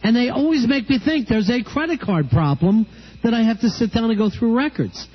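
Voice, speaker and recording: A man's voice: extremely high pitch, lively intonation, a little fast. A man hosting a radio show, telling wry stories in casual banter and acting out the people he talks about. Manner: wry storytelling, acts out callers. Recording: dull lo-fi radio broadcast.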